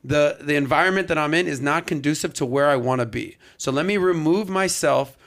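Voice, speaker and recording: A man, hosting a casual chat podcast and telling stories with lively quoted voices. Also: a little high, fairly quick. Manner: animated storyteller, acts out quotes. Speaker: podcast host.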